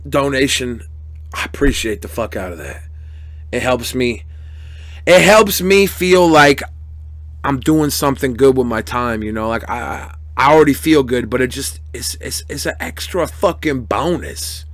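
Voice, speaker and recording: Brash, profane young man streamer, bright voice. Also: medium pitch, no room sound. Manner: crude, profane, mock-angry banter with chat. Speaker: live streamer. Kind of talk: casual live-stream chat reading donations.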